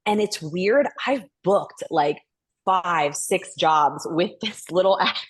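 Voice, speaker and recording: Candid animated woman voice actor. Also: lowish voice, normal speed. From United States. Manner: candid, animated storyteller who acts out quoted dialogue. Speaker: guest voice actor. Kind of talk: casual chat.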